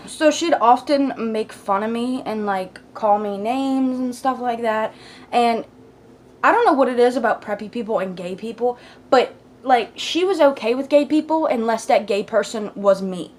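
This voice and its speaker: A young woman casually telling a personal story to the camera in a blunt, profane way, swinging between loud asides and hushed whispers. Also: a little high, normal speed. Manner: blunt, profane, talks with lots of fillers.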